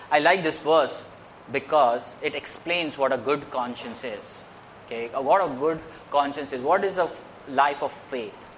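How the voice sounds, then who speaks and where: A man preaches a sermon earnestly in a slightly high, somewhat bright voice, with a little hiss or hum in the recording. He repeats phrases and lifts his voice on key points.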